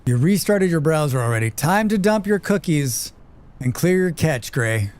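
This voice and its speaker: A man with a smooth, clear voice that sits a bit high for a man. He talks loosely and casually while he plays, answering viewers' chat and dropping the odd curse word. It sounds like a desk mic during a live game stream. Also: expressive, moderate pace, a little mellow. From United States. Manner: loose and chatty, swears freely, laughs often. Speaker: livestreamer. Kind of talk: casual chat while playing, reading chat aloud.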